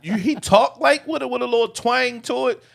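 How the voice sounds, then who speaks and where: A man co-hosting a podcast, chatting casually and telling stories in an animated way. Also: extremely high pitch, normal speed, creaky. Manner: animated storytelling, laughs often. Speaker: podcast co-host. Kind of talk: casual chat.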